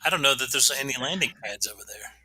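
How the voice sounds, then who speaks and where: A man's voice: mid-range voice, lively intonation, quick pace, over a noisy crowd. A man playing a tabletop game who chats casually and makes wry, joking asides. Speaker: player.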